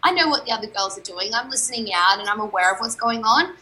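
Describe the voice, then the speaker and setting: A woman's voice: a little high, expressive, fast talker, sharp tone, low-quality recording. A young adult woman, an athlete guest on a podcast, telling a story candidly and animatedly and quoting her own thoughts.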